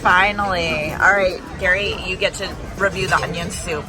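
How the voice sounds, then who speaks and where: A woman's voice: lowish voice, steady tone, normal speed, a crowd in the background. A woman hosting a casual travel vlog, chatty and frank, complaining with humor. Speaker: vlog host. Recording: music playing underneath.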